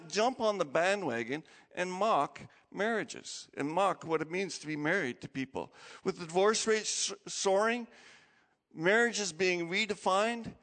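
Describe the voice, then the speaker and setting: A man's voice: high voice, big-room sound. A male pastor giving an emphatic, conversational sermon to his congregation. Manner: animated, emphatic, conversational preaching with self-corrections. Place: church sanctuary.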